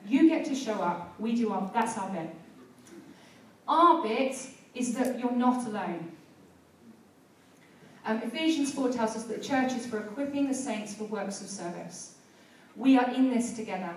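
A woman preacher giving a sermon and prayer, telling stories in a conversational way and building to fervent exhortation. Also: medium pitch. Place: church hall. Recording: very echoey church hall, heard from a distance.

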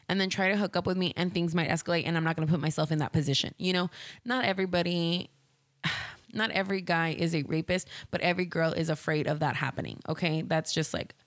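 A woman's voice: lowish voice, no echo, clean studio sound. A woman hosting a solo podcast, telling stories in a candid, rambling way full of "like" and restarts. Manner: candid, rambling, heavy use of "like". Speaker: podcast host. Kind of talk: casual solo podcast storytelling.

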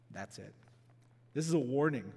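A pastor delivering a sermon, teaching through a passage with emphatic bursts and slowed, stressed phrases. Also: male voice, medium pitch, husky. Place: church sanctuary. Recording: long reverb of a church hall.

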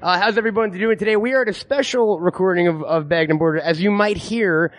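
A man's voice: high-pitched, fairly quick. A man hosting a live podcast recording in a comic shop, teasing the audience wryly. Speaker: podcast host.

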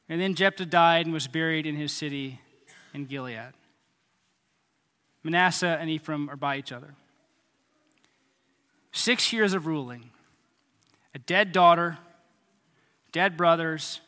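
A man preaching a sermon as pastor, animated, acting out voices and making sound effects. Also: fairly high pitch. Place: church hall. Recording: hall reverb.

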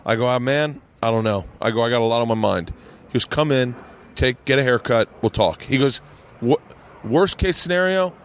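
A podcast host chats casually in a brisk, medium-pitched voice, rambling through stories and acting out what people said. He swears freely along the way.

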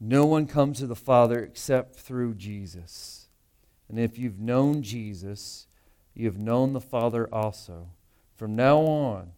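A pastor preaching a sermon in a conversational, emphatic way, full of rhetorical asides. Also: male voice, mid-range voice, darkish tone.

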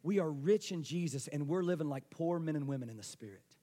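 A man preaching a sermon with fervour, calling for responses and moving between loud bursts and hushed passages. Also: on the high side, lively intonation, a little fast. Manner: passionate preaching with call-and-response, swinging between loud and soft. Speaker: pastor. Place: church sanctuary. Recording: long hall reverb.

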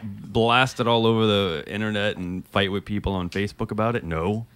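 A man's voice: fairly low pitch, fairly even intonation, moderate pace, a bit bright, clean tone, no echo. A man guesting on a podcast, talking casually with dry, wry understatement. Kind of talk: casual chat.

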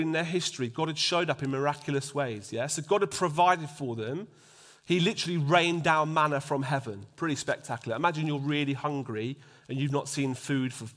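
A man preaches a sermon to his congregation in a loose, conversational way, tossing in quick checks for agreement. His voice sits a little high for a man. At key points he sinks almost to a whisper. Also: a bit bright. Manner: drops to a near-whisper for emphasis.

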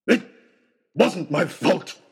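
A man's voice: mid-range voice, big pitch swings, slow, creaky, husky, exaggerated voice. A man doing a wild, ragged, furious hunter. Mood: ranting. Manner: shouting and menacing.

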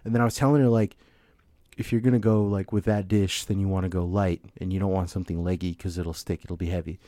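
A man's voice: low voice, flat delivery, fast, mellow, dry recording, studio quality. A young man chatting casually on a podcast, telling rambling, profane stories and laughing often. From Mexican heritage. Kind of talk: casual chat.

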